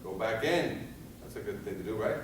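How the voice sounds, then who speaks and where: A man giving a fire safety seminar, animated and firing rhetorical questions at his audience, recorded in a seminar room. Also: on the low side, a little fast, a little hiss or hum. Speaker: fire escape safety instructor. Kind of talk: seminar lecture. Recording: echoey hall from far off.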